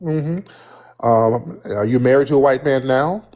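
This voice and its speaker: A man's voice: mid-range voice, a little slow, a little mellow. A man hosting a heated live-stream call-in debate, blunt and combative, talking over his callers. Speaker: livestream host.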